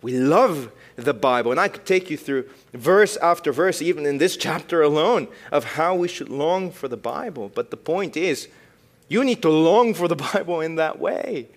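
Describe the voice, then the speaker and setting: A young man preaching a youth sermon, shifting between loud emphatic bursts and quiet, reflective passages. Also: fairly high pitch, lively intonation, normal speed. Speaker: youth pastor.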